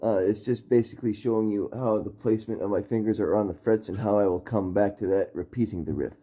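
A man's voice: lowish voice, steady tone, fast talker, mellow. A man with a put-on Southern American drawl, teaching guitar in a rambling, self-mocking, casual way.

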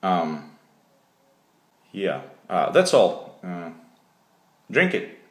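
A man with a Russian accent hosting a deadpan comedy recipe video, hesitating often with fillers. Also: low voice, extremely slow. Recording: echoey room.

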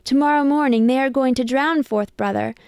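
A woman's voice: high voice, fairly quick, creaky, a little mellow, clean tone, no room sound, studio quality. A woman reading a picture book aloud, voicing a far-seeing young brother who calls out in alarm. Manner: exclaiming in alarm.

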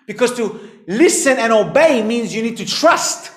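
A man preaching a sermon as pastor, emphatic, his voice rising and falling in pitch and volume. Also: lively intonation, normal speed, fairly bright tone. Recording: echoey hall.

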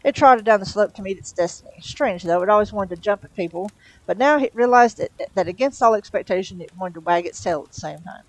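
Brief: woman storyteller, mid-pitched, relaxed read with self-corrections, dry close sound. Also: fast talker, no room sound, poor audio. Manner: casual read with small stumbles and self-corrections. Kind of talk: reading a novel aloud.

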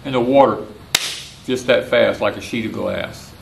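An older Southern man, once a preacher and now a homesteader, gives a folksy, animated sermon from an outdoor porch, repeating his points. His creaky voice is medium-pitched at a moderate pace, against a noisy background.

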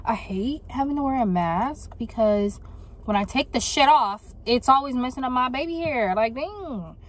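A woman's voice: sits high, animated, moderate pace. A woman vlogging from her car, chatting and ranting casually in slangy everyday talk. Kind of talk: casual vlog chat. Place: in a car while driving.

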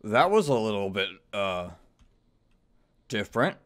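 A man giving let's-play commentary on a horror game, swearing constantly, trash-talking the game's characters and bursting into sudden yells of frustration. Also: lowish voice, sing-song, measured pace. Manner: profane, frustrated outbursts and sudden yelling. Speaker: gaming YouTuber.

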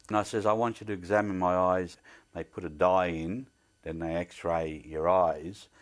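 Older man, deep voice, earnest plain-spoken storyteller of faith. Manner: devout, speaks earnestly of faith. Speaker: interviewee. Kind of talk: telling a personal story.

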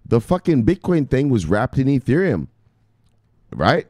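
A middle-aged man talking excitedly as a crypto news vlogger, cursing and shouting shout-outs to viewers. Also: medium pitch, unhurried, no echo, clean studio sound. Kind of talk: casual hyped-up commentary.

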